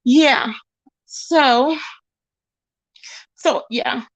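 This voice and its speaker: High-voiced chatty woman on a livestream. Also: extremely slow, dry recording. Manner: chatty, greets viewers with pet names. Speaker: livestream host. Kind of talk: casual gossip livestream. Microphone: phone.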